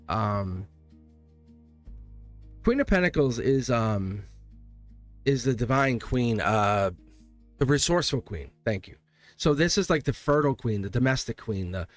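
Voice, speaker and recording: A man doing a live tarot reading, talking in an excitable, rambling way and laughing often between thoughts. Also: medium pitch. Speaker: tarot reader.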